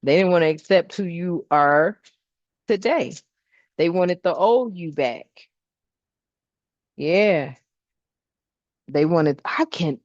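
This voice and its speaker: A woman with a lowish voice gives a casual tarot card reading to her followers. She talks in a chatty, emphatic way with slangy asides. The recording is dry and slightly dull. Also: slow, long pauses, no echo. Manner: chatty, emphatic, laughs often, slangy and expressive.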